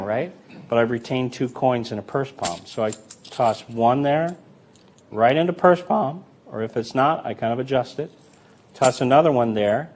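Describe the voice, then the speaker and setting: In a casual instructional demonstration, a man walks through a coin magic routine in an easy, unhurried, conversational teaching voice. He counts coins aloud while performing the sleights and drifts into anecdotes about older magicians, acting out what they said. His voice is mid-range, with slight background noise.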